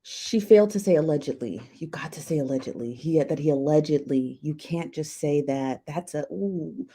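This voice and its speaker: A woman's voice: deep voice, normal speed, mellow, slightly rough. A woman hosting a casual livestream, chatting with viewers, greeting them by name and laughing often, recorded on a phone. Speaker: livestream host.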